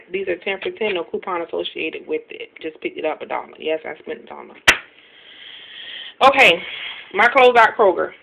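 A woman in a casual home haul video, talking quickly and chattily about her shopping with many ums and self-deprecating asides. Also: mid-range voice, gravelly. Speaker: couponing vlogger showing a grocery haul. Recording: tinny phone-like sound, faint hiss.

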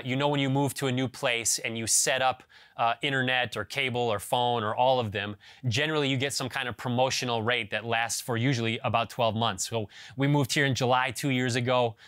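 A man preaching a sermon as pastor, reading scripture and then telling a lively story with acted-out dialogue. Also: medium pitch, no room sound, studio quality. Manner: animated storyteller, acts out phone dialogue.

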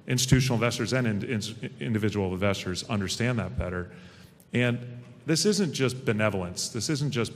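Middle-aged guy on a panel, folksy and sure of himself, low voice, long hall echo. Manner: folksy, confident storyteller. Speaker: stock exchange president, panel guest. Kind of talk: fireside chat on a stage. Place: event hall.

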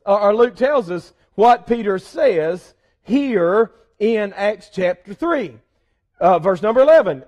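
A man preaching a sermon as pastor, swinging between loud fervor and soft asides. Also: high-pitched, animated, slow. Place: church sanctuary.

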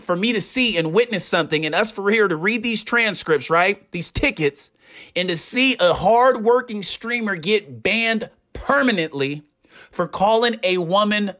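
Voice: medium pitch, a bit bright. A young adult streamer giving indignant reaction commentary, ranting and repeating rhetorical questions.

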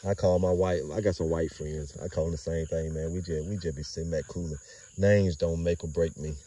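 A deep, dark-toned man rambles in loose street talk as he films his dogs outdoors. His voice is husky and mellow. It comes from a phone held a little away from him, with dogs and insects behind. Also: steady tone, brisk, far from the mic. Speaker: dog breeder filming his kennel. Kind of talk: casual outdoor vlog narration.

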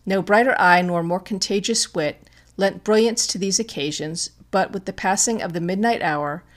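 A woman's voice: mid-range voice, normal speed. Woman reading a classic mystery aloud. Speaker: audiobook narrator. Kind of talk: scripted narration of a classic detective story.

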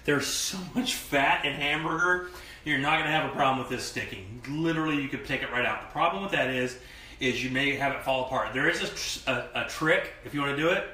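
A man hosting a live cooking show, talking in an animated, emphatic, joking way while he cooks. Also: medium pitch, brisk, reverberant. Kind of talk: live cooking demo chat.

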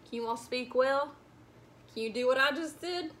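High, bright storytime librarian woman. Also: moderate pace. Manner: animated, addresses children. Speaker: children's librarian. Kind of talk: storytime read-aloud.

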